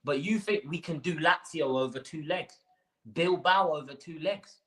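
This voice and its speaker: A man's voice: on the high side, normal speed, fairly bright tone, poor audio. A man hosting a live fan stream, ranting with rhetorical questions and slang. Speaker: fan channel host.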